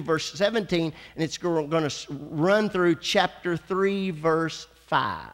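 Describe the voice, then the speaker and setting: A man's voice: high-pitched, fairly bright tone, long reverb tail. A male pastor preaching a sermon, drawing words out for emphasis and calling for amens from the congregation. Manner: dramatic preacher, slows and drawls for emphasis, calls for amens. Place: church sanctuary.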